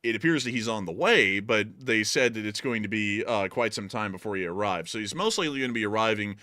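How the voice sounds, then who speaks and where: A man hosting a casual war news livestream, slipping between news and jokes with plenty of fillers. His voice is bright and forceful. The sound is close and dry. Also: fairly low pitch, animated, fast talker, dry recording. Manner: joking, puts on funny voices, fillers.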